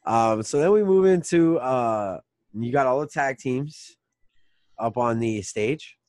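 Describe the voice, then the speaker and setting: A man's voice: mid-range voice, slow pace, darkish tone, no echo. A man co-hosting a podcast, chatting casually and teasing his co-host. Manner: joking, teasing banter. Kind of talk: casual chat.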